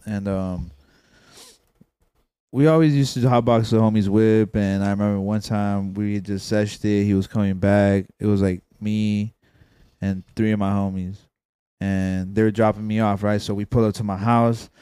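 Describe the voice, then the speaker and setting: A young man with a low, smooth, resonant voice rambles through a story with friends, dropping slang and curse words. He sounds close and dry on the mic, as on a home podcast. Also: level tone, moderate pace, dark tone, no room sound. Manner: rambling, slangy, swears often. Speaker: podcast co-host. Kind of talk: casual storytelling among friends.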